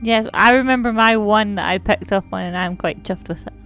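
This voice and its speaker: A woman's voice: medium pitch, a little fast, fairly bright tone, faint music behind. A woman, co-hosting a casual podcast chat about a TV series in a playful, teasing way. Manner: playful, teasing, laughs often. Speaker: podcast co-host.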